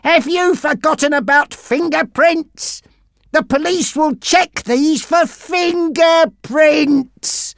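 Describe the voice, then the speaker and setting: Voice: medium pitch, huge pitch swings, takes it slowly, no room sound, heavily acted. A storyteller voicing Frankie, a mean and scheming male gang boss who barks orders and sneers at his victim. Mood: scolding. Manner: shouting, sneering.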